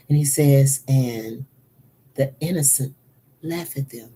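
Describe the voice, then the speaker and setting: A woman's voice: a bass voice, slow pace, pauses often, dark tone, slight background noise. A woman preaching a sermon, earnest and repeating key phrases for emphasis. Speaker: pastor.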